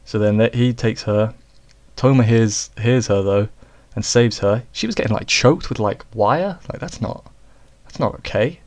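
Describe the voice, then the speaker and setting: Guy rambling through an anime recap, lowish voice, keeps correcting himself. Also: moderate pace, a little mellow. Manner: rambling, self-correcting, jokey asides. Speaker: anime reviewer. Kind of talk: casual episode review.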